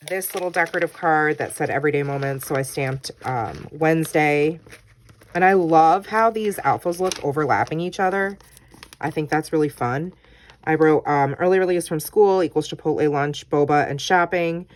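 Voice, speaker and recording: A woman's voice: low voice, a little hiss or hum. A woman vlogger casually walking through her scrapbook pages, chatty and full of ums, reading her own journaling aloud. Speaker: crafting vlogger.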